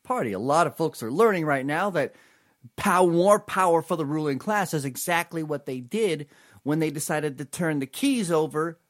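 A man's voice: on the high side, lively intonation, normal speed. A man hosting an opinionated political commentary show, talking in an emphatic, sarcastic way.

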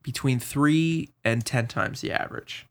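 Joking podcast host man, bright voice. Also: mid-range voice, unhurried. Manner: joking, animated storyteller. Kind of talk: casual chat.

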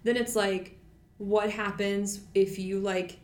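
A woman's voice: mid-range voice, level tone, takes it slowly, darkish tone, reverberant. A woman co-hosting a podcast, talking casually with lots of fillers and a sarcastic edge. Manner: chatty, many fillers, sarcastic. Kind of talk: casual chat.

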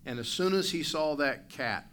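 Guy pastor preaching sunday morning, bright voice, animated, faint hiss behind. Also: on the high side, moderate pace. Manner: animated preaching, acts out barking dog and asides to the congregation. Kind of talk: sermon. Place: church sanctuary.

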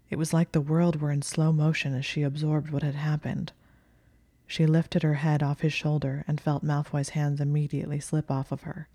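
A woman narrating a story in a soft, hushed, breathy reading. Her voice sits low and stays even, with a dark, mellow tone. The recording is close and dry. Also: dry recording. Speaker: audiobook narrator.

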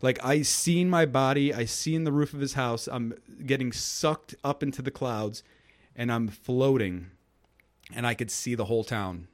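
A man's voice: medium pitch, unhurried. A young adult man on a podcast, chatting casually and telling a rambling story, acting out the people in it with a raised, goofy voice. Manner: rambling and animated, acts out quotes with a raised goofy voice.

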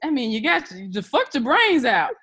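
Animated, high-voiced woman co-hosting. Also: normal speed, slightly rough. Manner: animated, swearing, laughing often. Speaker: podcast co-host. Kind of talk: casual chat recapping a TV show.

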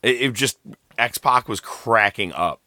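A man co-hosting a podcast in an animated, joking way, laughing often as he riffs. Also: medium pitch, slow, no echo. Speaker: podcast co-host. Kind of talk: casual chat.

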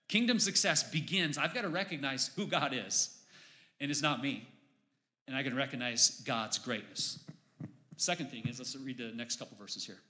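A pastor preaching a sermon in church, building to emphatic, raised exclamations on key points. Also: male voice, medium pitch, sharp tone.

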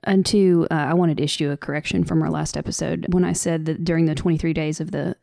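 Speaking fast in a low-sitting, creaky voice with fairly even intonation, a podcast co-host from the Southern United States talks with a Southern American accent. It's a casual, earnest, off-the-cuff discussion, loose with soft laughs, recorded clean with no echo on a studio mic.

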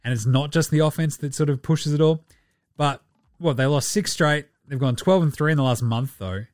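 A man with an Australian accent, co-hosting a podcast in relaxed, rambling sports chat with casual swearing. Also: a little high, moderate pace, no echo, clean studio sound. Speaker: podcast co-host.

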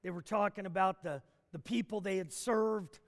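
A man telling a story in a sermon, animated, with frequent restarts and fillers. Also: high voice, moderate pace. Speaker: preacher. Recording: long hall reverb.

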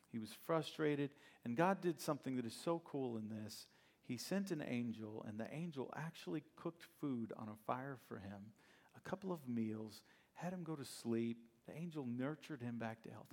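A man's voice: medium pitch, animated, moderate pace. A male pastor preaching a sermon in a conversational, storytelling way, with plenty of rhetorical questions.

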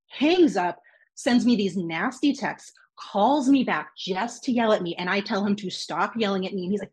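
A woman's voice: mid-range voice, breathy edge. A woman guest on a podcast, earnestly recounting a personal story and acting out quoted lines. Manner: earnest, with quick acted-out quotes.

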